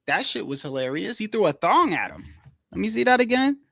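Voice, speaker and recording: A man hosting a casual livestream, rambling in a slangy, animated way and repeating himself as he tells stories. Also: high voice, brisk, gravelly, dry recording, studio quality. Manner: slangy, rambling, keeps saying "bro". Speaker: livestream host. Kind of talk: casual livestream boxing chat.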